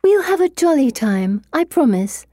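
Woman reader doing a flighty Victorian schoolgirl: high, gushing, excitable, in a close, dry read. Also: a little slow, dry recording. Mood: coaxing.

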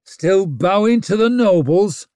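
A man voicing an embittered commoner who snarls his lines loudly. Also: high-pitched, expressive, takes it slowly, dry recording, clean studio sound, pitched above the performer's own voice. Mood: angry snarl. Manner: snarling, loud.

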